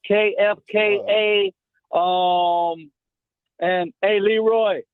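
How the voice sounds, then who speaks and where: A man's voice: high voice, steady tone, extremely slow, no room sound. A man calling in to a sports radio show, talking brashly and playfully. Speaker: radio caller. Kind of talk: casual call-in chat. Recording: tinny phone line.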